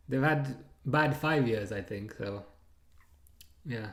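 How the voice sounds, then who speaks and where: A man in his thirties hosts a live football watchalong as a streamer, chatting, laughing and reading out viewer comments. His mid-range voice is unhurried, and the room is echoey.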